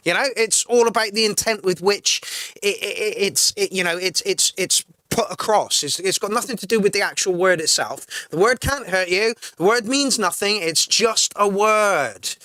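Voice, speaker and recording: A man's voice: sits high, moderate pace, pushed and bright, no echo. A man hosting a casual live music-review stream, reading out chat comments and swearing freely as he rants. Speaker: livestream music review host.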